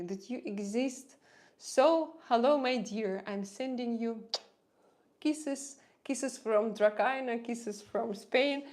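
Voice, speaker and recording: A woman's voice: on the high side, a little mellow. A woman with a Russian accent hosting a casual livestream, chatting hesitantly with viewers and searching for words with many fillers. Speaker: livestream host.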